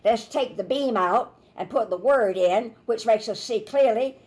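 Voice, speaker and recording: A woman minister teaches scripture with lively energy. She tells everyday stories and slips into the voices of the people she quotes. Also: a little high, a little slow. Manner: animated storytelling, acts out quoted voices. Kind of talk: Bible teaching sermon.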